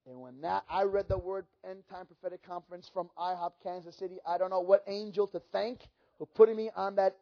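High-voiced preaching man, lo-fi sound. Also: brisk, gravelly, hardly any pauses. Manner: animated storytelling with swings from hushed to loud. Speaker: pastor. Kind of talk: sermon testimony. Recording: dull lo-fi sermon recording.

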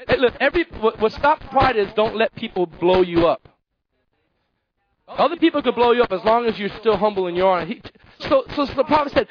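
A male pastor preaching a sermon, animated, repeating phrases and acting out Bible characters. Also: high-pitched, a little fast, dull audio, a crowd in the background.

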